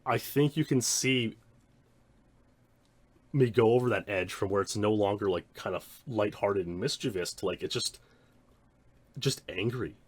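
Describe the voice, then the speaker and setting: A man's voice: fairly low pitch, measured pace, long pauses, husky, dry recording. A man, a speedrunner, giving rambling, reflective commentary on his own old streams. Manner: rambling, many restarts and "like" fillers.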